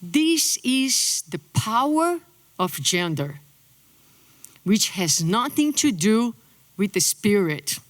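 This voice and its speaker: A middle-aged woman from Brazil, a native Portuguese speaker with a Brazilian accent, giving a conference lecture in an animated way. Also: mid-range voice, slow, dry recording. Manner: animated, acts out quotes in a lifted voice.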